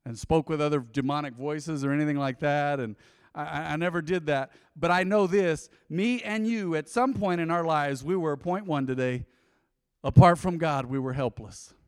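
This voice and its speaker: A man's voice: on the high side, unhurried, clean tone, no echo, studio quality. A man preaching a sermon to his congregation in a conversational, playful way with asides. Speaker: pastor. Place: church before a congregation.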